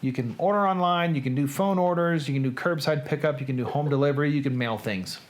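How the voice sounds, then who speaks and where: A man with a Southern US accent hosts a live reading show, chatting casually and rambling with small self-corrections. His voice is a little high and he speaks fast.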